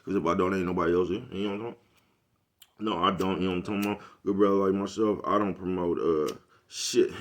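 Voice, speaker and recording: A man delivering a casual, profane monologue to his viewers, forever checking in with "you know what I'm talking about". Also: deep voice. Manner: laid-back, profane street talk. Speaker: vlogger.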